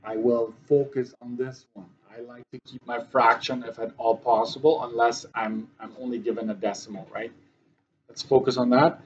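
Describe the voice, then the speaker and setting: A man's voice: medium pitch, steady tone, moderate pace, lo-fi sound, a little hiss or hum. A male math teacher giving a classroom lesson, often checking that his students follow.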